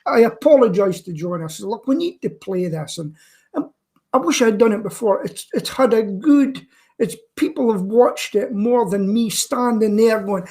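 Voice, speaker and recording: A man's voice: sits high, moderate pace, a little mellow. A man with a Scottish accent, a guest chatting on a live-stream talk show, cracking jokes and telling stories. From Scotland. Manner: joking, chatty storyteller. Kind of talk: casual chat.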